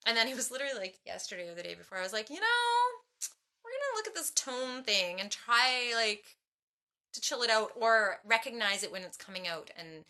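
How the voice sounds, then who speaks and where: A woman's voice: on the high side, pushed and bright. A woman in a casual behind-the-scenes chat, talking animatedly, acting out quoted dialogue and rambling with fillers and restarts. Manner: chatty, with many fillers and restarts. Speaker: transformation coach.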